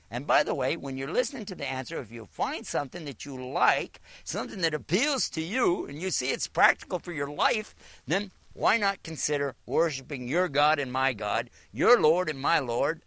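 A man's voice: medium pitch, creaky, fairly bright tone, no echo. A man from Virginia giving a religious teaching talk as an Islamic lecturer, telling a story and acting out the dialogue. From Virginia, USA.

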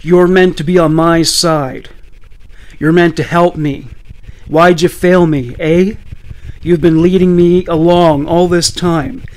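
A man's voice: fairly high pitch, steady tone, slow, a little mellow. A man voicing a violent, bitter teenage girl who snaps and hurls accusations in a true-crime story. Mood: furious. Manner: snapping, accusing.

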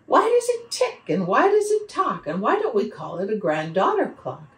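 A woman voicing a curious little girl who fires off high, wondering questions in a storybook reading. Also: huge pitch swings, normal speed, a bit bright. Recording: roomy sound from a distant mic.

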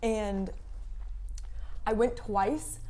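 A woman's voice: medium pitch, fairly even intonation, drawn-out words, dark tone. A young woman co-hosting a casual eating show, telling laid-back stories with some swearing. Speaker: co-host. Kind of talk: casual chat while eating.

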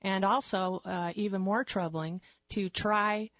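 A woman, a political candidate, answering a radio interview in the studio in a measured, on-message way. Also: mid-range voice, steady tone, a bit bright, no room sound. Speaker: congressional candidate guest.

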